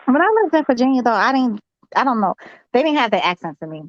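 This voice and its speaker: A woman's voice: a little high, very animated, fast, no echo. A woman gives her opinions on sports bluntly, with a salty edge. Her voice comes through a somewhat dull, lo-fi mic. The sound is dry and close. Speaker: podcast co-host. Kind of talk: casual sports chat.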